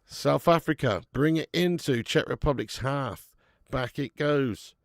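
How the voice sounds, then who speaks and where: A man's voice: mid-range voice, a little slow, no room sound, clean studio sound. A man with a chatty, sweary manner hosting a live football watch-along, greeting viewers in the chat as he commentates.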